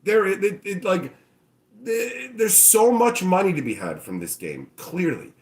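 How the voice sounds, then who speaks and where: A man's voice: high voice, sing-song, a little slow. A man hosting his own channel, ranting casually and profanely and acting out mocking voices. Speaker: channel host. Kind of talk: casual opinion rant.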